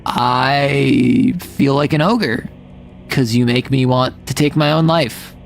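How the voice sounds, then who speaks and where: A man voicing a chill but deeply resentful creature, speaking slowly in a flat deadpan. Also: vocal fry, soft background music.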